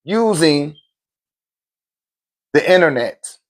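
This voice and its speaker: Male spiritual teacher, 30s, high voice, casual streetwise lecture style. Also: drawn-out words. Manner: animated, swings into loud shouted quotes; laughs often, swears, street slang.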